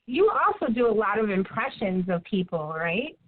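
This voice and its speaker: A woman's voice: medium pitch, big pitch swings, moderate pace, no echo. A woman co-hosting a radio interview, encouraging and laughing often. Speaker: radio co-host. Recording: phone line.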